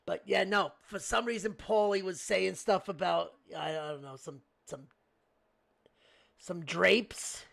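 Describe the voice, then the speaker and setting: A man's voice: sits high, fairly even intonation, a little slow, gravelly, a bit bright. A man co-hosting a podcast, trading crude improvised comedy banter in a stammering, rambling, profane way. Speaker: podcast co-host.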